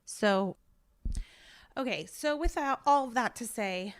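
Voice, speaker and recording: A woman's voice: a little high, animated, slow pace. A pregnant woman in her thirties hosting a casual solo podcast, chatting candidly with lots of filler words and sounding a little out of breath. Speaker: podcast host.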